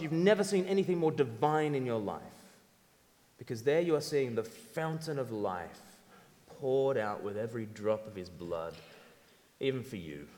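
A man preaching a sermon in an animated, emphatic way, acting out quotes. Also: medium pitch. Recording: long hall reverb.

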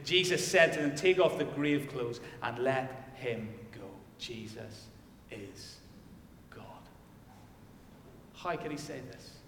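A male pastor delivering a sermon and reading scripture, swinging from loud declarations to hushed emphasis. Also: fairly high pitch, moderate pace, hardly any pauses, a little hiss or hum. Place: church. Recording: echoey church hall.

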